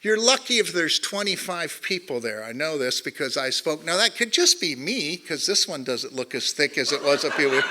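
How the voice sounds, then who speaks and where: A man in his sixties, originally from Glasgow, shares his story at a recovery meeting over a microphone. His voice is strikingly bright and sits high for a man. He talks candidly and cracks jokes, swearing bluntly as he goes. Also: big pitch swings, normal speed. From Glasgow, Scotland. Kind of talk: personal recovery share to an audience. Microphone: handheld or stand microphone.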